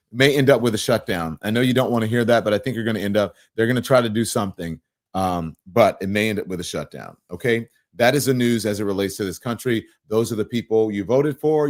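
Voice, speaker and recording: A man's voice: mid-range voice, darkish tone. A man hosting a live political talk show, talking casually and animatedly, laughing often and reading viewer comments aloud. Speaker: host.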